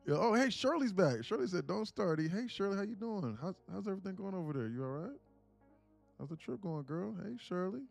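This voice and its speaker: A man's voice: high-pitched, sing-song, brisk, creaky, soft background music. A man, a live-stream day trader, chatting casually and profanely, joking and reading viewers' comments aloud. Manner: joking, profane, slangy, reads chat aloud.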